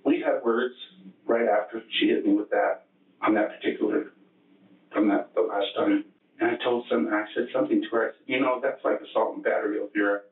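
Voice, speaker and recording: On an echoey, tinny archive tape, a murder suspect under police questioning is heard from across the room, the mic far away. His low, monotone voice delivers halting, matter-of-fact testimony with frequent restarts.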